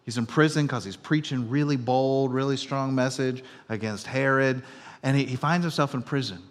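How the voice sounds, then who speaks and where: Pastor preaching in a reverberant hall. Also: male voice, medium pitch, normal speed. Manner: conversational storytelling, swinging between loud and hushed. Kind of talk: sermon. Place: church auditorium. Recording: long reverb of a church hall.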